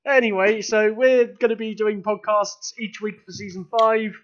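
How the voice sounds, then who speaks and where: A young man co-hosting a casual podcast, laughing often and swearing in quick asides. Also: high-pitched, steady tone. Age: young adult. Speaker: podcast co-host. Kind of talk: casual chat. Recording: dull lo-fi audio.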